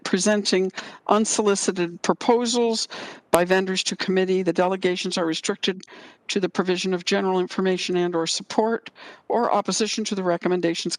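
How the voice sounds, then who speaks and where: A woman chairs a committee meeting, calling items and speakers in brisk procedural language. Her voice has a middle pitch, and the sound is dry and close with no room echo.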